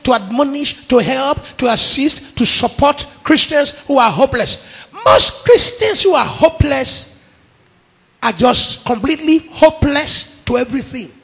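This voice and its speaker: A man's voice: very high-pitched, creaky, a bit bright. A middle-aged man with a Nigerian accent preaching a sermon, emphatic, piling up repeated phrases. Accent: Nigerian English. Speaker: pastor. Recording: long echo of a large hall.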